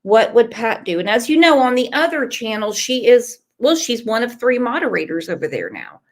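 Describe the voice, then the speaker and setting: A woman's voice: fairly high pitch, sing-song, moderate pace. A woman with an American accent hosting a casual panel chat on a true crime channel, chatty and emphatic, cursing freely.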